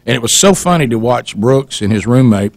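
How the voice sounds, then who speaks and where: A man spins a rambling, teasing story as a radio host, stopping and restarting his sentences as he goes. His voice is mid-pitched and sits close to a studio microphone in a dry, dead room. The delivery is loose and conversational. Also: expressive, fairly quick, creaky, dry recording. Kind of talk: casual storytelling chat.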